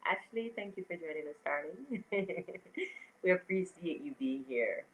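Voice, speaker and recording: A woman's voice: fairly low pitch, a little slow, low-quality recording. A woman hosting a casual live stream, reading viewer comments aloud, greeting people by name and laughing often. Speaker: livestream host.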